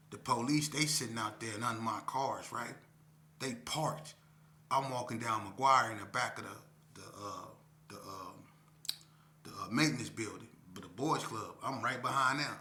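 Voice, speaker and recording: A middle-aged man from Las Vegas spins a tense street story with a very bright, sharp edge to his voice. He talks casually and animatedly, jumping into high-pitched shouts when he acts out what people said. The sound carries a roomy echo. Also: a little hiss or hum. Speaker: guest telling his life story. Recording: echoey room.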